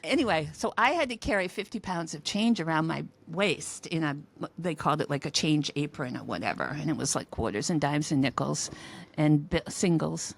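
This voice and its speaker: A woman's voice: low-pitched, animated, normal speed, gravelly. A woman in her sixties, a podcast co-host and mother, telling stories in a rambling, hesitant way in casual chat.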